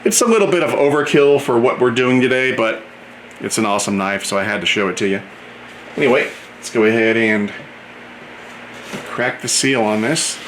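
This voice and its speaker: Friendly hobby-channel host, mid-pitched male, chatty product walkthrough, echoey indoor room. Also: lively intonation, normal speed, pauses often, fairly bright tone. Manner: chatty, enthusiastic, describes items as he shows them. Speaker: model train channel host. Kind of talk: casual unboxing commentary. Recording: roomy echo, faint background hum.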